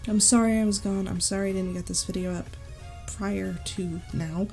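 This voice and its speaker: A woman's voice: medium pitch, fairly even intonation, moderate pace, creaky, few pauses, a little mellow. A woman talking casually to her viewers in a channel update, chatty, apologetic and easily sidetracked. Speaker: YouTuber giving a channel update. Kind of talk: casual chat to camera. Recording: faint music behind. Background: faint background music.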